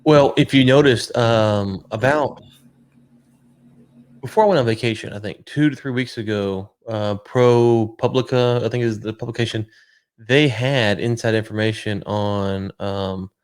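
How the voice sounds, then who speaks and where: A man co-hosting a podcast, talking casually in an animated, sarcastic, ranting way. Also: on the low side, unhurried, clear, resonant tone. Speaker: podcast co-host. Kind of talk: casual political chat.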